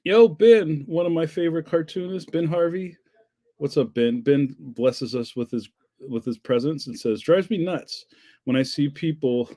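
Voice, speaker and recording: A man from Philadelphia hosts a livestream, chatting casually through viewer comments in a rambling, jokey way and laughing often. His voice sits a little high and sounds expressive, mellow and unhurried.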